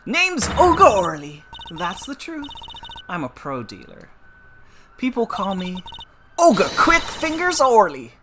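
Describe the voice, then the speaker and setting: A woman's voice: mid-range voice, huge pitch swings, a little slow, noisy background, pitched above the performer's own voice. A woman voicing a brash, cocky female card dealer testifying in a game courtroom.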